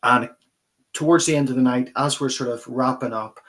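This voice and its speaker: A man's voice: mid-range voice, steady tone, moderate pace, fairly bright tone. A middle-aged man, a pastor earnestly and vividly recounting a personal experience as an interview guest.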